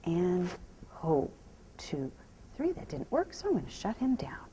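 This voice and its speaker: A woman horse trainer talking out loud while she rides, softly praising the horse and explaining each step. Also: on the low side, wildly swooping pitch, unhurried, slight background noise, low-quality recording. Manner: soothing praise to the horse, mixed with quiet running explanation. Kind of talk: narrating while riding.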